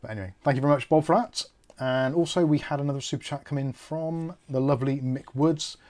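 A man's voice: mid-range voice, fast talker, a little mellow. A man, hosting a live tech stream in a rambling, jokey way that wanders off topic. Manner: rambling, jokey, self-correcting.

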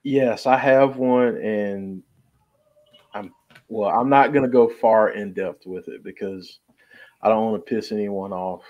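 A man's voice: fairly low pitch, unhurried, dull audio. A man co-hosting a podcast in casual chat, careful and hesitant with many restarts. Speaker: podcast co-host.

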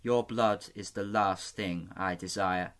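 Guy voicing a smooth sly eunuch spy, courtly and wry, a bit low, storybook reading. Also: fairly even intonation, slow, fairly bright tone. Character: sly courtly eunuch spymaster, soft-spoken man.

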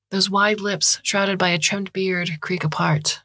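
A woman reading a science fiction story aloud as podcast narrator, in a measured, even manner. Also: mid-range voice, dry recording, studio quality. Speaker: audiobook narrator.

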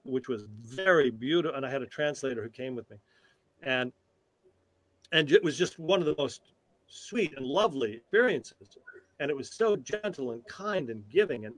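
Older male tai chi teacher, animated storyteller with many restarts, dry close sound. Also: on the high side, dry recording. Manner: animated, halting, with frequent restarts. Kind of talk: storytelling in a conversational interview.

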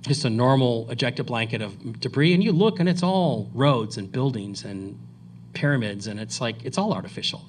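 A man speaking at a conference and taking audience questions, rambling and animated, often restarting his sentences. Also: mid-range voice, slight background noise. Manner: rambling, animated, self-correcting. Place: lecture hall.

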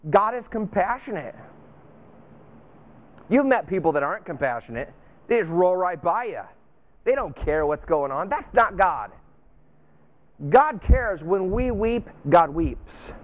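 A man with a notably high voice delivers a casual sermon from the pulpit. He talks informally, repeating short phrases to drive a point home. He keeps posing questions and then answering them himself. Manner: asks and answers his own questions. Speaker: pastor. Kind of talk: conversational sermon.

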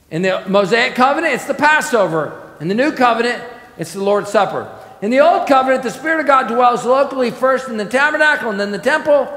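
A pastor with a voice that sits high preaches an expository sermon in a church sanctuary. He's emphatic, asks the congregation questions, and lets his phrases fall away softly, all in an echoey hall.

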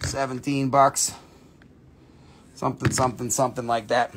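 A man hosting a live sales stream, running through prices in an excitable, joking way. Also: mid-range voice, normal speed, slight background noise. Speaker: host selling minerals on a live stream.

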